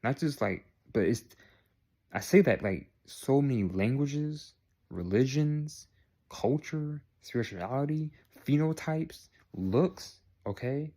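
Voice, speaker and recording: With a warm, mid-range voice, lively intonation, and a slow pace, a young man speaks directly to the camera as a vlogger. He's earnest and tends to repeat himself, tagging "all right?" onto the end of his points.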